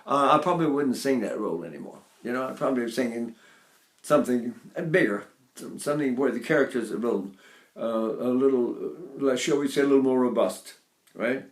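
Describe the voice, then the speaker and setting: A man's voice: medium pitch, brisk, roomy sound. A man in his eighties giving an informal voice lesson, rambling a little and breaking into short sung demonstrations. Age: 80s. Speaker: voice teacher.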